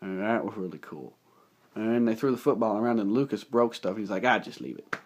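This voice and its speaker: A young man with a somewhat low voice talks through a film's plot in a casual, unscripted way. He rambles and gets excited, with plenty of fillers along the way. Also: brisk. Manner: enthusiastic, rambling, with many fillers. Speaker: movie reviewer. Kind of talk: casual spoken movie recap.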